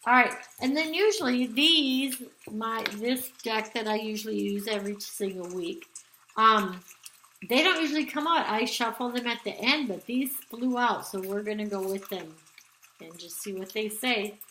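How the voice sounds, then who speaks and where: A woman with a fairly high, bright voice talks slowly through a tarot reading. She rambles, filling gaps with ums and restarting her sentences. The room around her sounds echoey, with faint noise behind. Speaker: tarot card reader. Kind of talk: casual spoken tarot reading.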